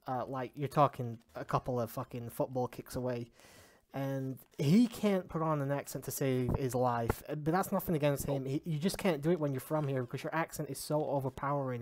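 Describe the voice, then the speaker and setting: A man's voice: mid-range voice, a little mellow, a little hiss or hum. A man with a Sheffield Yorkshire accent, chatting casually while streaming a game and swearing freely. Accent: Sheffield, Yorkshire English. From England. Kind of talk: casual gaming stream chat.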